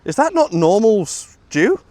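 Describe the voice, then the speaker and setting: A man's voice: sits high, big pitch swings, slow pace, mellow, no room sound. A young man with a Liverpool accent, chatting casually on a live stream, rambling with lots of ums and calling his viewers bro and man. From Liverpool, England. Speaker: IRL livestreamer. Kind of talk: casual live-stream chat reading chat aloud. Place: outdoors in Osaka, early morning.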